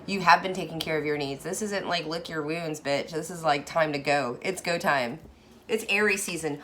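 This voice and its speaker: A woman chatting casually through a tarot reading, effusive, moving from hushed asides to excited bursts. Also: sits low, moderate pace, slight background noise. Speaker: tarot card reader.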